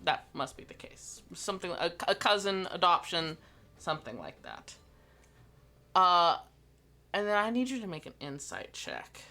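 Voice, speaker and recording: A woman narrating as game master of a tabletop game, slow and descriptive with frequent fillers. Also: on the low side, sing-song, pushed and bright.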